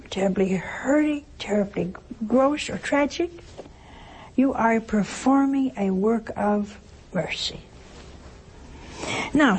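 A woman's voice: on the high side, slight background noise. A woman giving a sermon-style teaching talk, with teasing humor and many rhetorical questions. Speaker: religious teacher.

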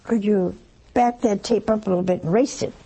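Gravelly older woman telling a folksy sermon. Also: mid-range voice, fairly even intonation, a little fast, dark tone. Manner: folksy, chatty, acts out dialogue in different voices. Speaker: religious speaker. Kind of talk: storytelling sermon.

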